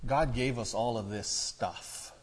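A male pastor preaching a sermon, moving from quiet reflection to loud, animated storytelling. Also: medium pitch, slow pace, husky. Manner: builds from quiet musing to loud excited storytelling. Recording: echoey hall reverb.

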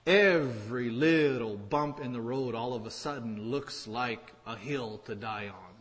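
A man's voice: mid-range voice, a little slow, fairly bright tone, big-room sound, rough recording. A man preaching a sermon as pastor, in a conversational way with wry asides and pointed repetition.

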